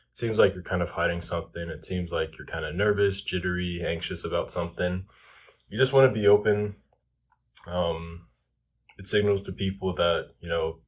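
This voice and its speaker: A young man giving casual self-improvement advice, loose and full of "like" and "um". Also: deep voice. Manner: loose, filler-heavy, lots of "like" and "um".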